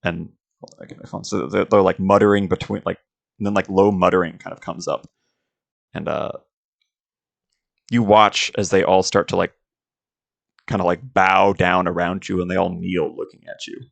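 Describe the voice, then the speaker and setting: A man with a deep, gravelly voice narrates a tabletop game as its game master. He describes each scene loosely, leaning on fillers and restarts as he goes. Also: flat delivery, normal speed, long pauses. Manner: rambling, filler-heavy description.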